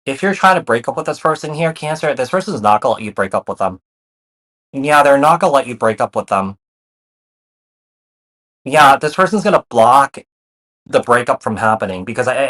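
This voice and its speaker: A man's voice: mid-range voice, fairly bright tone. A man giving a casual tarot reading to his viewers, often repeating himself and using fillers like "you know" and "kinda". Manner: repeats phrases, many fillers, reassuring. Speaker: tarot reader.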